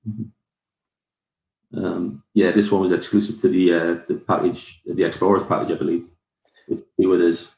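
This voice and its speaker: A man's voice: low-pitched, little pitch movement, normal speed, vocal fry, long pauses, dark tone. A man with a Geordie accent hosting a live whisky tasting, rambling through his tasting notes with plenty of fillers. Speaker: whisky society ambassador. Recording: roomy echo.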